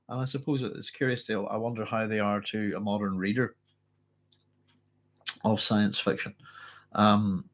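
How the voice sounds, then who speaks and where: Guy, somewhat low voice, all bunged up, rambling about a book w/ lots of ums. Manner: chatty, rambling, many fillers and restarts. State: congested, blocked-up nose. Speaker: book club host and teacher. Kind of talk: casual book discussion with reading aloud.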